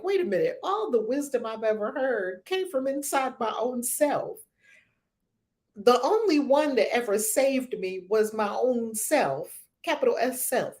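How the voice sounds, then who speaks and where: A woman's voice: on the high side, darkish tone. A woman spiritual teacher speaking emphatically and preaching, full of rhetorical questions.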